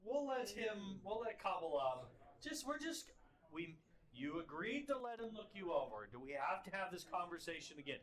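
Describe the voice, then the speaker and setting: A man's voice: high voice, very animated, moderate pace, echoey room, crowd noise. A man voicing an earnest, blustery male dwarf who stammers and insists. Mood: exasperated.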